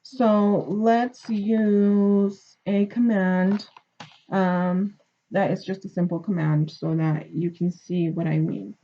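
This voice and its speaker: A woman teacher walks her class through a grammar lesson with patient step-by-step explanations, often pausing to ask if they follow. She speaks slowly, with a slightly husky voice. The recording sounds dull and lo-fi. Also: medium pitch, steady tone, dark tone. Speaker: Spanish teacher.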